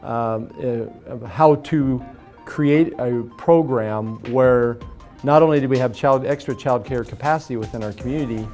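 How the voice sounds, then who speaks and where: Coworker testimonial, admiring and chatty, mid pitch, soft music bed. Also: measured pace. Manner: admiring, conversational, with fillers. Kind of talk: interview testimonial.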